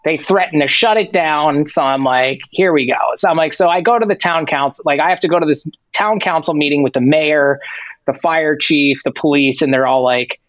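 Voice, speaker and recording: A man's voice: on the high side, normal speed, no room sound, muffled recording. A man, a tour manager guest, telling stories casually with lots of filler and swearing, acting out both sides of the conversations. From Persian heritage. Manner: animated, swears freely, heavy "like" filler, acts out dialogue. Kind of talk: casual storytelling interview.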